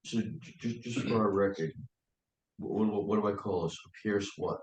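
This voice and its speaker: A man's voice: fairly low pitch, moderate pace, darkish tone. A man chairing a town committee meeting, asking plain procedural questions and calling votes. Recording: distant mic in an echoey, noisy room.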